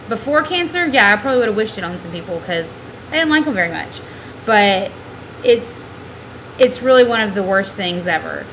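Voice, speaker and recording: A woman's voice: mid-range voice, a bit bright, a little hiss or hum, rough recording. Candid young woman vlogging on a webcam. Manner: rambling, candid, heavy use of "like" and "um". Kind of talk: casual personal video diary.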